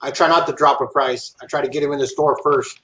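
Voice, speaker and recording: A man's voice: medium pitch, steady tone, fast, fairly bright tone. Off-mic man in a dull, roomy sound. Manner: casual, agreeable, brief answers. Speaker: trainee at a car service shop.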